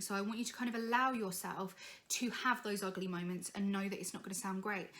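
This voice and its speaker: A woman's voice: mid-range voice, fairly bright tone. A young woman coaching singing in a chatty, encouraging way, breaking into vocal demonstrations. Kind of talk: informal singing tutorial.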